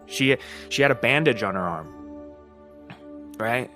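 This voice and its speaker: A man's voice: medium pitch, expressive, a little slow, fairly bright tone, soft background music. A man hosting a podcast, talking casually in a rambling monologue, swearing, laughing and often asking "you know what I mean?". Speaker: podcast host.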